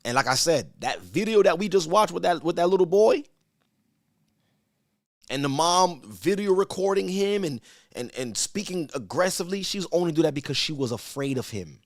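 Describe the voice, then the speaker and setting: A man's voice: fairly high pitch, expressive, no room sound. Dry-voiced man teaching scripture casually. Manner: conversational, asks rhetorical "right?", stammers repeats; reads verses slowly and emphatically. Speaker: church elder teaching scripture.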